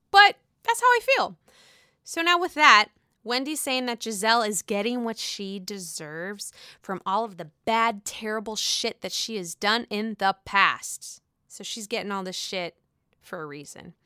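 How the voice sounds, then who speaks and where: Female recap vlogger, bright and crisp, opinionated and profane, dry and close-miked. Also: a little high, expressive, moderate pace, dry recording. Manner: opinionated, exasperated, swears freely. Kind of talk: casual profane recap commentary.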